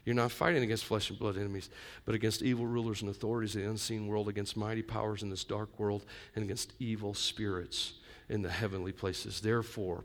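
A male pastor preaching to a live congregation, conversational with joking asides, swinging between loud emphatic lines and quiet intimate ones. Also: lowish voice. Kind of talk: sermon.

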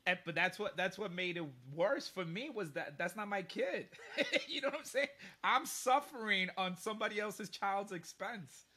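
A man telling a story in casual chat, animated and profane, often laughing mid-sentence. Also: sits high, normal speed, slightly rough. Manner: animated, profane, laughs through his stories.

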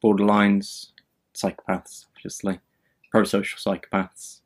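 A man's voice: lowish voice, completely flat delivery, a little slow. A man co-hosting a podcast, chatting casually in short remarks. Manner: brief interjections and short lists. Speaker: podcast co-host. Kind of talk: casual chat.

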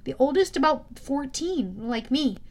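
High-voiced woman reading a novel. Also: a little slow. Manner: steady storytelling with small self-corrections. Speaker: audiobook narrator. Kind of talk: audiobook narration.

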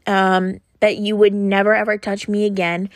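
A young woman hosting a podcast, talking frankly and earnestly in a casual monologue, often pausing on fillers. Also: mid-range voice, flat delivery, dry recording, studio quality. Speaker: podcast host.

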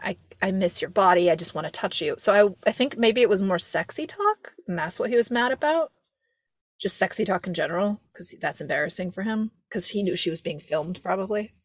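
A young woman hosting a podcast, chatting casually in a rambling, animated way, laughing often and swearing freely. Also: mid-range voice, no echo, clean studio sound. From America. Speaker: podcast host. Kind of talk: casual chat.

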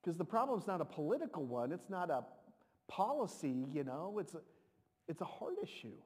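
High-voiced preacher in an echoing hall. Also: male voice, moderate pace, husky. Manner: animated, repeats words, shouts to dramatize. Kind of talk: sermon. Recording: long reverb of a large hall.

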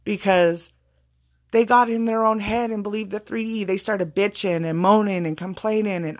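Woman motivational speaker, gravelly, emphatic and repetitive, blunt profanity. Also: medium pitch, normal speed. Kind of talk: casual spiritual pep talk.

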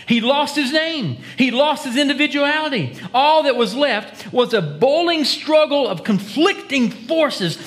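A pastor preaching a conversational sermon, dropping to hushed tones for dramatic quotes. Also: male voice, extremely high pitch, lively intonation, unhurried, hardly any pauses. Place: church.

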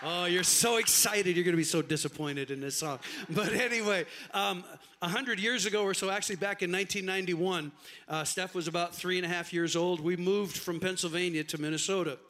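A man's voice: sits high, a little fast, sharp tone. A middle-aged man, a pastor, telling a chatty story to his congregation during a sermon in a church. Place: church sanctuary.

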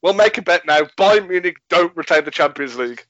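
A man's voice: fairly high pitch, lively intonation, fairly quick, a bit bright, dull audio. A man hosting a casual football podcast, blunt and swearing, laughing often. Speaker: podcast host.

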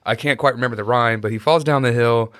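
A man co-hosting a casual podcast, talking in a hesitant, halting way and laughing at himself. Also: mid-range voice, a bit bright, no echo, clean studio sound. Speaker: podcast co-host. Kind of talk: casual chat.

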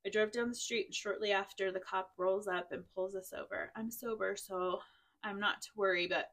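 A woman's voice: mid-range voice, fairly even intonation, moderate pace, a bit bright. A woman hosting a group chat, reading funny drunken stories aloud to her friends, a little tipsy and giggly. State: tipsy, drinking wine. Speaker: podcast host.

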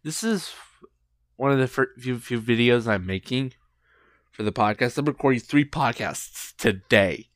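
A man's voice: medium pitch, animated, unhurried, no room sound, studio quality. A young man hosting a solo podcast, rambling and giggling between thoughts. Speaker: podcast host. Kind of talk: casual solo podcast chat.

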